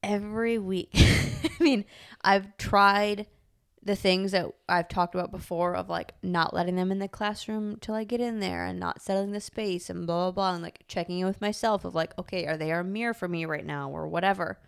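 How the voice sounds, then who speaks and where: A young woman with a slightly low voice co-hosts a casual podcast. She tells her stories in an animated, rambling way, scattering fillers and laughs as she goes. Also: normal speed, creaky, smooth. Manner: animated storytelling with many likes and laughs. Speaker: podcast co-host. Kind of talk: casual chat.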